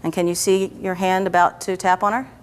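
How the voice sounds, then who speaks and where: A woman with a slightly low voice leads a guided therapy session, coaxing her client along with soft questions and frequent check-ins. A faint hiss sits under the recording. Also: level tone, brisk. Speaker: EFT practitioner.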